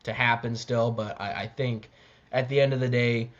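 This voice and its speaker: A man co-hosting a casual sports podcast, speaking haltingly with many repeated words and restarts. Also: mid-range voice, fairly even intonation. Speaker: podcast co-host. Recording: slightly dull lo-fi mic.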